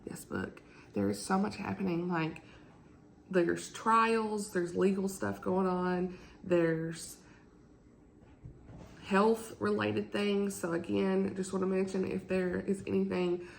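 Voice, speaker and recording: A woman's voice: steady tone, slow pace, gravelly, slight background noise, rough recording. A woman, chatting casually and rambling about books in a book vlog from home, laughing often. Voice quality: deep morning voice. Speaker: book vlogger. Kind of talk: casual chat.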